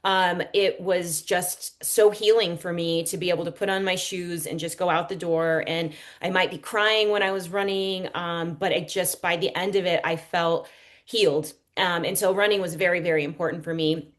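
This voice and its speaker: A woman's voice: lowish voice, steady tone, moderate pace. A woman author and speaker, a guest on a podcast, talking earnestly and reflectively with frequent ums. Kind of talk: casual podcast interview.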